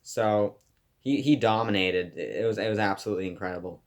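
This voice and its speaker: A man with a fairly low voice gives an eager class presentation, stumbling and restarting as he goes. His delivery is casual and heavy with fillers. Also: brisk. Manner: enthusiastic, rambling with fillers and restarts. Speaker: student presenter.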